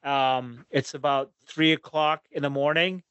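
A man telling a road trip story in casual podcast chat, animated and swearing, acting out his own rants. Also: fairly high pitch, unhurried, smooth, dry recording, muffled recording.

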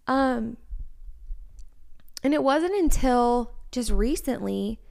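A woman's voice: on the high side, animated, slow pace, creaky, a little mellow. A woman in her thirties co-hosting a podcast, talking candidly and personally, with lots of "like" in her casual chat. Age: 30s. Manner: chatty, heavy use of "like", candid and personal. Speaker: podcast co-host.

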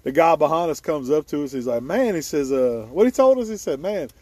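Laughing hunter telling a story. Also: male voice, on the high side, expressive, a little fast, darkish tone, slightly rough. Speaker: hunting video host. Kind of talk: casual storytelling. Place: outdoors at a boat launch before dawn.

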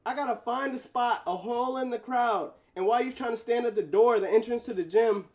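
A high-voiced man speaks to his audience in a casual monologue, spinning a personal story. His delivery is animated and full of slang, with easy laughter along the way. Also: brisk. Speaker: vlogger telling a story.

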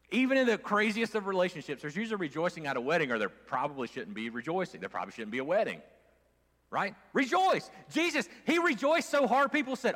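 A male pastor preaching a conversational sermon, moving from loud emphasis to quiet asides, with fillers and restarts. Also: high voice. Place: church sanctuary. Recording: long church hall reverb.

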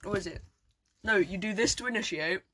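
A podcast co-host, talking in a bright, clear tone. The delivery is blunt and full of swearing, with easy laughter in loose banter. The sound is dry and close, with no room echo. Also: mid-range voice, fairly quick. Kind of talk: crude casual banter.

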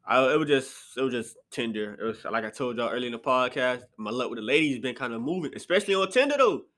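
A man's voice: mid-range voice, animated, fast talker, fairly bright tone. A young man hosting a solo podcast, rambling and profane, often mocking himself. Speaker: podcast host. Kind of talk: casual solo podcast rant.

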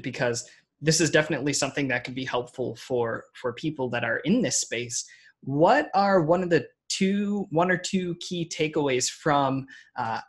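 A man hosting an interview, asking follow-up questions and summing up what his guest says. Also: medium pitch. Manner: curious, affirming, summarizes the guest. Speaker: podcast host. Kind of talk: conversational interview.

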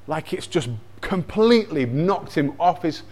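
A man telling a Bible story in a lively, animated way, mixing in personal anecdotes. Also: on the high side, a little slow. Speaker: speaker retelling a Bible story.

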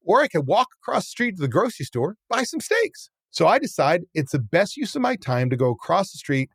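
A man with a slightly high voice tells a restaurant story in a casual, blunt way, acting out scenes and cursing now and then. The sound is dry and close. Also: fast talker, breathy edge, no echo. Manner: animated, acts out scenes with quoted voices.

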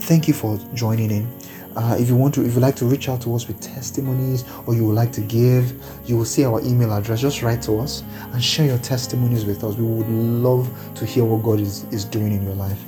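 A man's voice: medium pitch, steady tone, brisk. A man preaching a sermon and leading listeners in earnest, pleading prayer. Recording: faint music behind.

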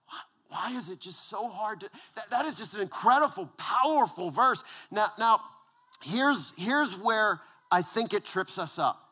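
Man, pastor, sermon, high-pitched, bright, conversational, hushed emphasis. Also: animated, measured pace, slightly rough. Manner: conversational, repeats words, drops to a hushed low voice for emphasis.

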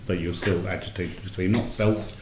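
A man in a group discussion who puts forward a question haltingly, restarting his sentences. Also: deep voice, fairly even intonation, noisy background. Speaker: student in discussion. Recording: echoey room.

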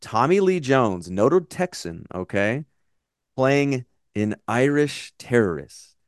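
Podcast co-host, American man in his forties, lively swooping delivery, swears freely, dry close sound. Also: medium pitch, slow, smooth, no room sound. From United States. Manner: animated, swearing, rambling tangents. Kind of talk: casual chat.

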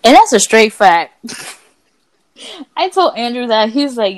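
A woman's voice: fairly high pitch, animated, measured pace. A woman co-hosting a casual podcast, telling stories in a blunt, profane way. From Dominican family. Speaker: podcast co-host. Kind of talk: casual chat.

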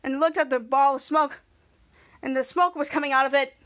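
Woman podcast host with a high voice, casual and halting as she narrates scene by scene. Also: steady tone, fairly bright tone. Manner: halting, repeats words and restarts while narrating scenes. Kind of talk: casual episode recap.

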